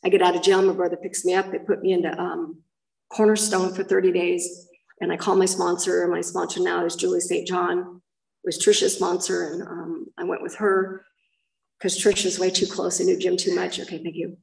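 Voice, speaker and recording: Gravelly-voiced woman sharing a raw story. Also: lowish voice, flat delivery, moderate pace, a little mellow, distant mic, poor audio. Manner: rambling, candid storytelling with restarts. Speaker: recovery speaker sharing her story. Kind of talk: personal testimony.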